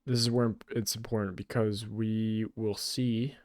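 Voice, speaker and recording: Excitable low-voiced young trader guy. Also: unhurried, dry recording, studio quality. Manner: casual and excitable, swears, says "bro". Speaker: day trader. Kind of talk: live trading commentary.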